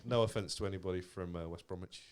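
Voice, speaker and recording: A man's voice: low voice, quick pace, crowd noise. A man from Lancashire co-hosting a podcast, chatting casually with lots of banter and laughter. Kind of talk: casual chat.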